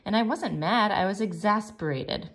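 A woman reading aloud as a gentle, earnest foster mother in a storybook. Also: medium pitch, moderate pace, voice pushed up, lightly acted. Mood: tender. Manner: tender, earnest, insistent. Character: gentle, loving foster mother, warm-hearted.

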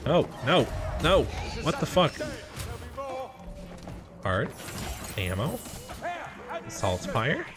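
A man giving gameplay commentary, excitable and rambling, swearing often as he plays. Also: medium pitch, extremely slow, pauses often, over music. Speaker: gaming channel host.

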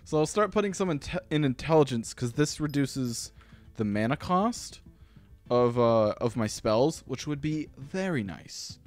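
A man hosting a gaming channel, giving rambling, self-deprecating let's-play commentary with sudden excited outbursts. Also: mid-range voice, a little slow, soft background music.

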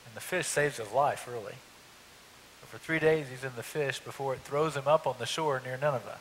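A man's voice: medium pitch, fairly quick, fairly bright tone. A man preaching a sermon as pastor, telling the story in a conversational way with rhetorical asides to the congregation. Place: church sanctuary. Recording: hall reverb, faint hiss.

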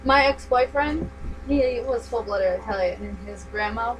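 Young woman telling lively stories. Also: on the high side, normal speed, noisy background. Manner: animated storytelling, lively. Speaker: family member. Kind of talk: casual chat. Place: home craft room.

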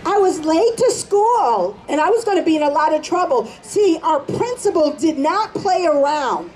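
A woman's voice: sits high, very animated, moderate pace, darkish tone, rough recording. Woman playing an eager eight-year-old girl. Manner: breathless, eager first-person telling.

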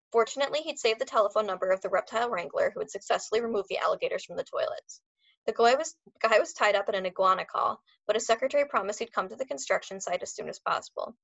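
A woman's voice: mid-range voice, gravelly, dry recording, muffled recording. Woman reading a novel aloud. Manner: expressive, acts out characters.

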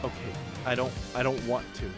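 A man's voice: mid-range voice, flat delivery, fairly quick. A man in let's play commentary, reacting to a hard climbing game with anxious exclamations, pleading and cursing at the game. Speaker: gaming video creator. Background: game music.

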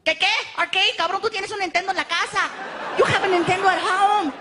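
A man doing a rapid-fire, snapping mom. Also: very high-pitched, steady tone, bright, forceful tone, pitched above the performer's own voice. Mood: exasperated. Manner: rapid, snapping, mixing two languages. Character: exasperated mother snapping at her son. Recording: live stage with crowd noise and music.

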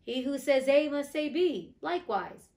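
A woman's voice: high voice, animated, unhurried, darkish tone, voice pushed up. A woman reading as a scheming stepmother. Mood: scolding. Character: scheming cold-hearted stepmother, adult woman.

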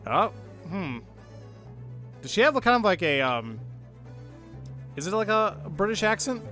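Excitable man reading a game aloud. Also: high voice, normal speed, faint music behind. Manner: excitable, swears and exclaims at the game. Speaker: let's play host. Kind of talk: reading a visual novel aloud with commentary.

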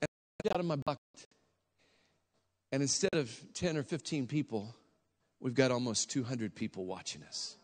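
A man preaching a sermon as a lively story, acting out the people in it with sudden shouts and stretched-out words. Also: mid-range voice. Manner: animated, acts out voices with shouts and drawn-out words. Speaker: guest preacher.

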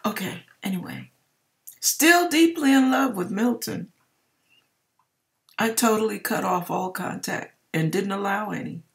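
A woman giving a personal faith testimony, telling her story in an emphatic, expressive way with churchy exclamations. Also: medium pitch, measured pace, gravelly. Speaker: hairdresser sharing a personal testimony.

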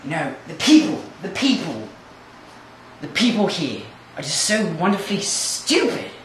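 An actor playing a scheming immigrant hustler in an acting-class film monologue, speaking in halting, repetitive, quietly sinister musings. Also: male voice, high voice, sing-song, full character voice. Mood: mocking. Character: scheming immigrant hustler man, smugly menacing. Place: large echoey studio kitchen. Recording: echoey room from far off, noisy.

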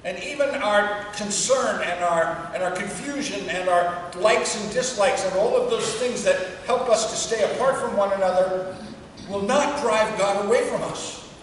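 Woman, priest, conversational sermon, quiet storytelling, long church reverb, distant mic. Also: mid-range voice, moderate pace, a little hiss or hum. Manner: conversational, drops to a hush for a story. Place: church before a congregation. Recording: echoey church from far off.

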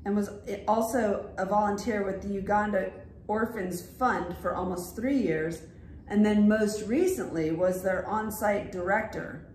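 A woman's voice: medium pitch, unhurried, a little mellow, echoey room, slight background noise. A woman host casually introducing a guest, steadily running through her background. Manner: steadily lists a biography with brief fillers.

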